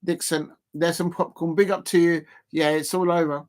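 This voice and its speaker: A man's voice: a little high, little pitch movement, moderate pace, few pauses. A man streaming a live football reaction, chatty and laughing, calling out his viewers. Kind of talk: live match reaction commentary.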